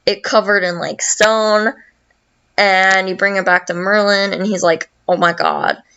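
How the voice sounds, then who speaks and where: A young woman hosts a podcast, telling a story in a slow, loose, rambling way. She swears a lot and fills gaps with fillers. Her recording sounds dull and lo-fi. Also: mid-range voice, little pitch movement, bright, forceful tone, smooth. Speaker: podcast host. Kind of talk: casual plot retelling.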